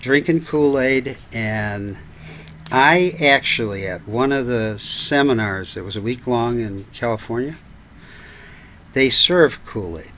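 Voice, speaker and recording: An older man settles into a relaxed, chatty story, laughing at his own punchlines. His voice sits at an ordinary middle pitch, with a little faint noise in the background. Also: slow, rough recording. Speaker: guest. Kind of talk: casual storytelling chat.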